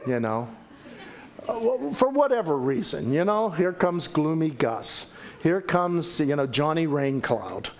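A male pastor preaching a sermon in church, jokey and animated, acting out quotes. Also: a little slow. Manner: animated, jokey, acts out quotes with big pitch swings. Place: church sanctuary.

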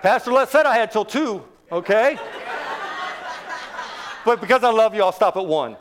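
A man's voice: high-pitched, animated, moderate pace, noisy background. A man in his sixties preaching an evangelistic sermon to a church congregation, joking and quizzing the crowd with rhetorical questions. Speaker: guest preacher.

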